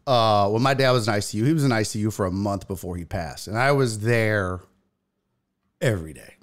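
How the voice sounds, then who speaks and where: A man hosting a podcast, telling a story in casual chat, profane and animated. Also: fairly quick, slight background noise. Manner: animated, profane, acts out quotes in a loud high voice. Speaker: podcast host.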